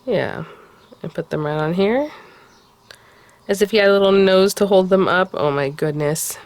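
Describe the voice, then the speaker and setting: A woman hosts a card-making tutorial in a relaxed, chatty way. Her voice sits at a middle pitch. She keeps gushing over small details and often slips into soft cooing. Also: normal speed, no room sound. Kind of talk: casual crafting tutorial talk.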